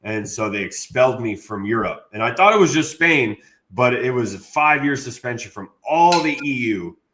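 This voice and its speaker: A man, an interview guest, telling a long story in a casual, animated way and saying "bro" a lot. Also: medium pitch, moderate pace, a little hiss or hum. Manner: animated, slangy, says "bro" often.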